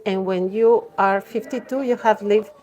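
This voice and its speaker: A woman's voice: medium pitch, fairly even intonation, normal speed, a little mellow, highs cut off. Reflective middle-aged woman from Mexico. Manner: reflective, non-native English phrasing. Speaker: guest. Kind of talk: podcast interview.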